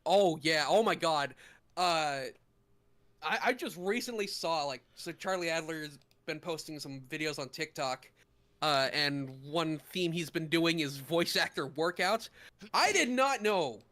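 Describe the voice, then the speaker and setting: Bright, animated podcast co-host man. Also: fairly high pitch. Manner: animated, laughs often, quick asides. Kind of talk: casual chat.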